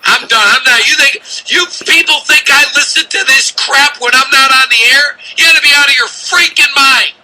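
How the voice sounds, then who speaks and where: A man hosting sports talk radio, ranting and shouting in exasperation from the studio. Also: very high-pitched, moderate pace, few pauses, a little hiss or hum, low-quality recording.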